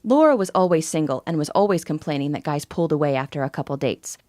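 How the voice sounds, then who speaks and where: A woman's voice: deep voice, expressive, fast, dark tone, dry recording, clean studio sound. A woman in her forties narrating a scripted first-person sales story in an intimate, confiding way. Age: 40s.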